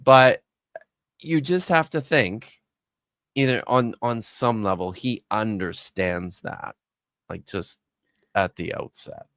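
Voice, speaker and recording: A male guest in a casual reaction chat, speaking in a deliberate, exasperated way. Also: fairly low pitch, a bit bright, dry recording, clean studio sound.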